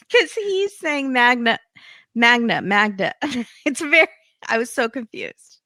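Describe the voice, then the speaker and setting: A woman guest on a casual podcast, chatting in an animated way and laughing often. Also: fairly high pitch, takes it slowly, dry recording. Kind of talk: casual reality TV podcast chat.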